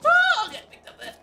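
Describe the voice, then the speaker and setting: High-voiced playful male streamer. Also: gravelly, heavy background noise. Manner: playful, chatting with viewers while playing. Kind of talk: casual game stream chat.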